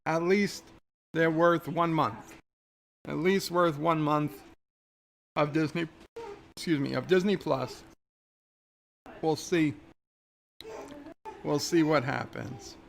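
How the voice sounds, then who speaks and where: A man's voice: a little high, takes it slowly, creaky, long pauses, slight background noise. A man hosting a casual livestream, chatting loosely and reading viewer comments aloud, often restarting his sentences. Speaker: livestream host.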